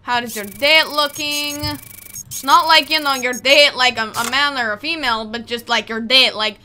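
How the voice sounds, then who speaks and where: A woman's voice: high voice, normal speed, pushed and bright, clear, resonant tone. A young woman giving chatty, joking let's play commentary while she plays, talking to the characters on screen. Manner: chatty, jokey, talks to game characters. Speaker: gaming YouTuber.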